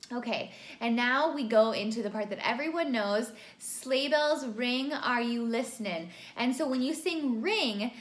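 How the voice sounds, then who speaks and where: A woman teaching a singing lesson, explaining vowels clearly and demonstrating them by singing. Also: a little high. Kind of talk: vocal lesson with sung examples. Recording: roomy sound with faint music behind.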